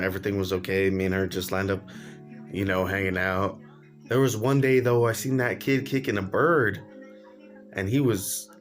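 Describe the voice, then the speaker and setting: A young man casually telling a personal story on his vlog, slangy and laughing along as he goes. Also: lowish voice. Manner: laid-back slangy, laughs while telling. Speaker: vlogger.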